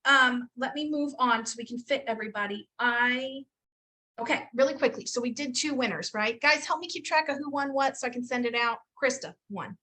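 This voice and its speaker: A woman's voice: sits high, brisk, sharp tone. A woman hosting a casual video call info session, upbeat and chatty, teasing and laughing often. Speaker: host of a health coach program info session.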